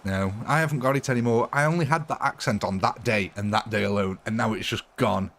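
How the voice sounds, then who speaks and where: A man's voice: mid-range voice, fast, fairly bright tone. Chatty man live-streaming. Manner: chatty, laughs often, rambling with fillers. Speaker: livestreamer chatting with viewers. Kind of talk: casual live-stream chat.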